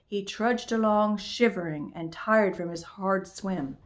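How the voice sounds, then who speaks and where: A woman in a middle pitch reading a children's story aloud in a calm, expressive voice. She slows down on the dramatic moments and lets her voice drop at the end of phrases.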